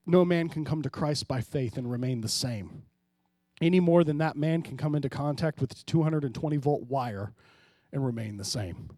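A man pastor preaching a sermon, swinging between hushed, low passages and loud, emphatic rises, often calling out to the congregation. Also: moderate pace, dry recording, studio quality. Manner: preaching with sudden drops to quiet and loud rises, calls to the congregation.

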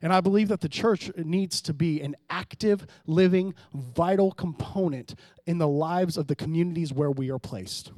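A man pastor preaching a sermon, swinging between hushed, low passages and loud, emphatic rises, often calling out to the congregation. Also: moderate pace, few pauses, no room sound, studio quality. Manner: preaching with sudden drops to quiet and loud rises, calls to the congregation.

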